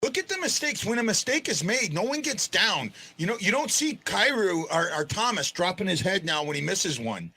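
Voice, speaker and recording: A man hosting a live fan stream, commenting in an excitable, chatty way with frequent restarts. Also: high voice, moderate pace, hardly any pauses, slightly rough. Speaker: fan show host.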